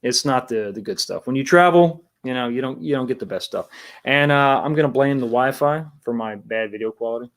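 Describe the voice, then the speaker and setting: A man's voice: medium pitch, fairly quick. A man hosting a casual livestream talk show, rambling with many restarts and greeting viewers in the chat.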